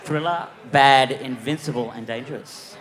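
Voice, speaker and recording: A man in his forties, a panel guest on a live comedy quiz show, telling an animated, sweary story with shrieking quoted voices. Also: medium pitch, normal speed. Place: live music venue stage.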